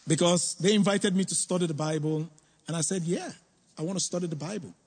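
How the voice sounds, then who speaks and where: A man's voice: high voice, a little fast, darkish tone, breathy edge. A middle-aged man telling his personal testimony to a congregation, earnest and reflective, repeating words for emphasis. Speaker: church member giving testimony.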